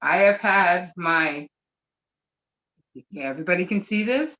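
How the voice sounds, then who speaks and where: Gushing, excited Canadian webinar speaker. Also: medium pitch, unhurried. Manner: gushing, excited, near tears. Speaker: webinar participant. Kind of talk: emotional casual speech. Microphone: video call. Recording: muffled video call audio.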